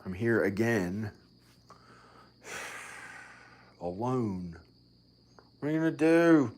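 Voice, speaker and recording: A man's voice: lowish voice, lively intonation, slow, a little mellow. A man vlogging at home, rambling and musing aloud to himself in a casual monologue. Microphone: filming himself on camera.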